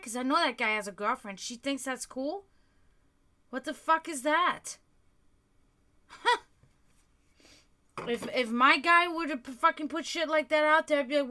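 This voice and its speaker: A woman's voice: sits high, bright, forceful tone. A European woman hosting a livestream, ranting heatedly with lots of swearing in casual talk. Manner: profane, heated, fast ranting. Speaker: livestream host.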